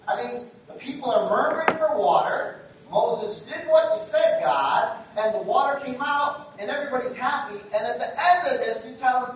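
High-voiced preacher in a very echoey hall. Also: male voice, animated, brisk. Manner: conversational preaching that swings between quiet asides and loud emphatic bursts. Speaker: pastor. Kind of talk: sermon. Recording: very echoey room from far off, faint noise.

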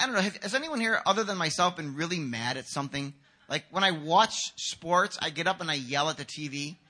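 A man preaching a sermon as pastor, animated and acting out quotes. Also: high-pitched. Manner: animated, acts out quotes with shouts. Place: church hall.

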